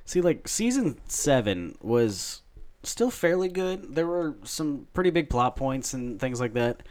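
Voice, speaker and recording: A man's voice: mid-range voice, very animated, measured pace, a little mellow. A man co-hosting a podcast in casual chat, rambling and ranting with plenty of swearing. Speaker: podcast co-host.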